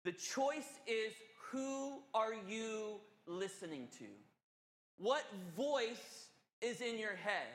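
A male pastor preaching a sermon, telling a story in an animated, conversational and earnest way. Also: extremely high pitch. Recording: echoey hall.

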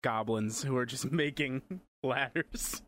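A man's voice: medium pitch, a little slow, fairly bright tone. A man co-hosting a podcast in casual chat, joking and laughing often. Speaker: podcast co-host.

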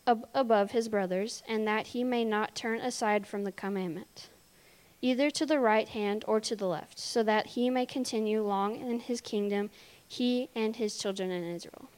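A woman's voice: a little high, normal speed, darkish tone. Woman reading scripture aloud, careful. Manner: careful reading with small stumbles. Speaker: scripture reader.

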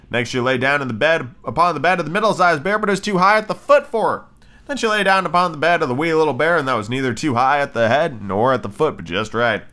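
A man's voice: fairly high pitch, sharp tone. A man hosting a podcast, casually reading a storybook aloud and breaking off for irreverent, profane commentary. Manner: irreverent, swears freely. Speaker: podcast host.

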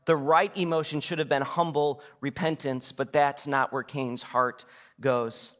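Unhurried and fairly even in intonation, a pastor in his thirties speaks in a medium-pitched, somewhat bright voice. His church sermon is conversational, full of questions to the congregation and acted-out quotes, echoing with long hall reverb.

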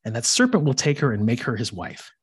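Podcast host retelling myths, chatty and animated, husky tone. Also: male voice, medium pitch, fast talker. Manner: chatty storyteller with asides. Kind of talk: casual myth retelling.

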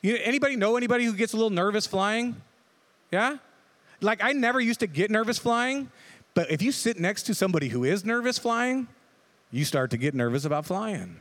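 Lively high-voiced male pastor. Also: a little fast. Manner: conversational, jokey, asks the crowd "right?". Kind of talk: sermon.

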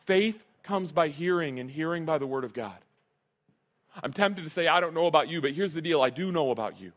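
A man's voice: a little high, lively intonation, normal speed. A male pastor preaching a sermon, earnest and emphatic, repeating his key phrases.

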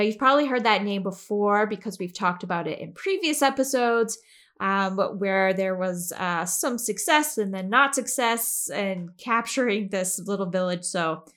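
A woman's voice: medium pitch, a bit bright. Chatty giggly woman podcast host. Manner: chatty, giggles often, many fillers. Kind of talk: casual history recap.

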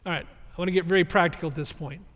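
A man's voice: fairly high pitch, fairly even intonation, racing, a bit bright. A man preaching a sermon as pastor, earnest and emphatic as he explains the text and speaks directly to his listeners. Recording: long reverb of a large hall.

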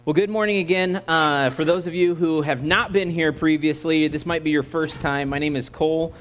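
An American man giving a sermon in a voice a little higher than most men's. His delivery is easygoing and joking, as he coaxes the congregation to join in and answer back. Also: fairly even intonation, moderate pace. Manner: conversational, joking, audience-engaging. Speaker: guest preacher. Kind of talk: sermon with opening prayer.

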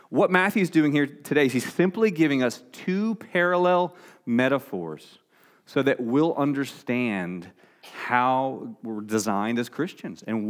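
A man preaching a sermon in a conversational way, often restarting his phrases. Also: medium pitch. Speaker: pastor.

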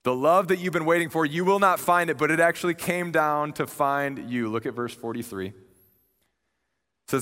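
A man's voice: a little high, normal speed. Earnest young male preacher in a hall. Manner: conversational and earnest, animated retelling. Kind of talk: sermon. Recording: long reverb of a large hall.

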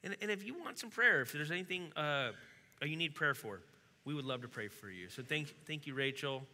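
A man's voice: on the high side, lively intonation, brisk, sharp tone. A male pastor giving a conversational, encouraging sermon and leading a closing prayer. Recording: long hall reverb.

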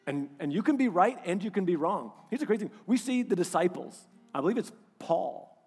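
A man preaching a sermon as pastor, animated, swinging between loud emphasis and hushed moments. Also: high-pitched, brisk, breathy edge, big-room sound, faint music behind.

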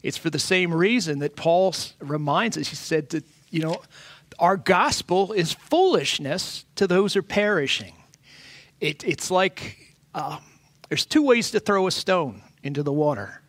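A middle-aged male pastor with a notably high, slightly bright, sing-song voice preaches a sermon earnestly but haltingly, repeatedly circling back to restart his sentences. The sound is dry and close, with no echo or room around it.

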